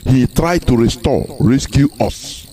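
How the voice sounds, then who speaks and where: A man's voice: mid-range voice, measured pace, mellow. A man with a Nigerian Igbo accent giving a live broadcast speech, emphatic and full of repeated rhetorical questions. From southeastern Nigeria. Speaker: activist broadcaster.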